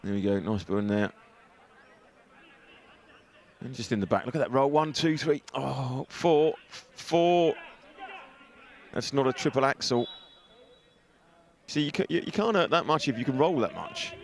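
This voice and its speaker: Man, live football commentary, jokey and self-mocking, middle-pitched voice, headset mic at an outdoor ground. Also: normal speed, vocal fry, pauses often. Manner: jokey, chatty, laughs often, self-mocking. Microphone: headset with earpiece.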